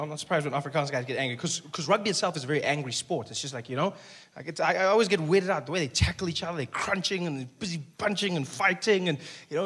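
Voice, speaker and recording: A young man with a South African accent doing animated stand-up comedy on a club stage into a handheld mic. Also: a little high. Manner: animated, acts out characters. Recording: live show with clear noise.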